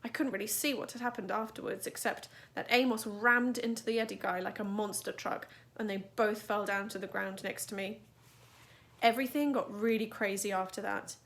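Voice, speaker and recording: A woman teacher reading a novel aloud in a steady, even narration. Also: medium pitch, normal speed.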